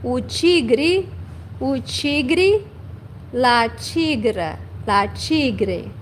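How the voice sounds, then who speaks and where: Woman, language teacher, livestream lesson, high voice, very slow, repeats words, faint traffic noise. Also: expressive. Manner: slow, repeats each word twice, corrects herself.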